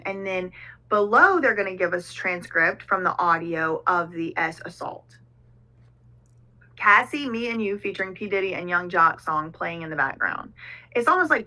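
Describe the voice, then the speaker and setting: Her lowish voice sounds pushed and bright, and the audio is poor. She hosts a reaction video, reading a document aloud in a casual, conversational way and commenting on it with frequent fillers.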